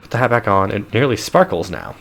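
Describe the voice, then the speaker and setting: A man's voice: fairly low pitch, very animated, brisk, gravelly, a bit bright. A man streaming a game live, reading the game text aloud with amused asides and chuckles. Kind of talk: live gameplay commentary.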